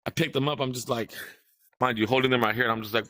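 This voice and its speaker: Bright-voiced young man telling a rambling story. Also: medium pitch, fast talker, no echo. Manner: rambling, profane, animated quoting of others. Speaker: podcast host. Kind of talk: casual storytelling chat.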